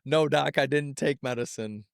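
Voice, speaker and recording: A man's voice: medium pitch, moderate pace, vocal fry, smooth, dry recording, clean studio sound. A young adult man co-hosting a podcast in casual chat, laid-back and agreeable, telling anecdotes. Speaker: podcast co-host.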